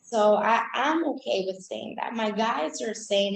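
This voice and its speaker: A woman guest on a video call, sharing in an earnest, halting way in casual spiritual chat. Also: fairly high pitch, expressive, gravelly, roomy sound, poor audio.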